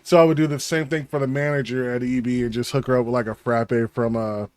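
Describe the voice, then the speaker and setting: A man's voice: medium pitch, fast talker, clear, resonant tone, no echo. Rambling, cursing podcast co-host, a man. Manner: rambling, swears freely, lively storytelling. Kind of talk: casual chat.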